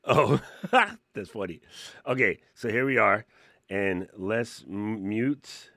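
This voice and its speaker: A man streaming a casual software tutorial, excitable and laughing often, with casual slang. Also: on the low side, slow, no echo, clean studio sound. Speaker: tech streamer.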